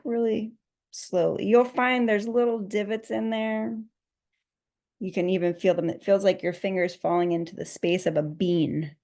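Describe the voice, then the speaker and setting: Gravelly-voiced woman guiding a meditation. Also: mid-range voice. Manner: soft, gently guiding, laughs at herself. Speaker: meditation teacher. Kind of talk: guided meditation instruction.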